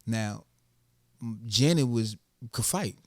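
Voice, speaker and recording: A man's voice: fairly low pitch, lively intonation, takes it slowly, a little mellow, no echo, clean studio sound. A middle-aged man from Jamaica, an interview guest telling stories animatedly in street slang. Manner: street slang, repeats "you know what I'm saying". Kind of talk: animated storytelling.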